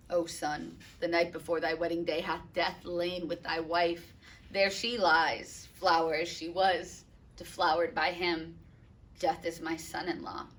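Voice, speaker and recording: A woman voicing a grieving older nobleman, speaking in a hushed, mournful way. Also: fairly low pitch, far from the mic. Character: grief-stricken older nobleman father.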